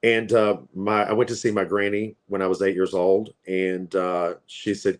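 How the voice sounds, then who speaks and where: A man from Appalachia in his forties, who reads tarot, tells casual stories at normal speed in a low voice with little pitch movement. His manner is chatty and rambling, with frequent fillers.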